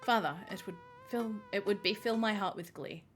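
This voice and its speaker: A woman voicing a cheerful teenage girl who just finished high school, bubbly and excited. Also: normal speed, over music, lightly acted.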